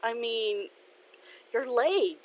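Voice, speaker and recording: A hurried, cheerful middle-aged dad who gets flustered easily, as a woman does his voice in a story. The voice sits raised and bouncy. The recording is slightly muffled. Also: a little high, expressive, pitched above the performer's own voice. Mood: awkward.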